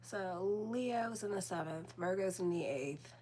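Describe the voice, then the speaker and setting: A woman's voice: on the low side, animated, normal speed, mellow, slight background noise. A woman, hosting her horoscope channel in a chatty, rambling, blunt monologue with casual swearing. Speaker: astrologer and channel host.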